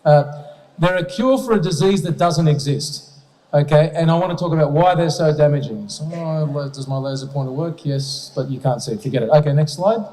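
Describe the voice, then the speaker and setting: A man's voice: fairly high pitch, brisk, warm tone. A man giving an emphatic, rhetorical public speech with slides to an audience at an event, often checking in with "okay?". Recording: long hall reverb.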